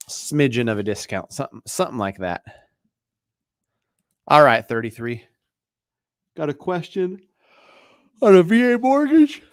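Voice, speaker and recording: A man hosting a live mortgage Q&A stream, talking in a relaxed, chatty way with lots of fillers and restarts, sounding tired. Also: medium pitch, no room sound, clean studio sound. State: tired, yawning.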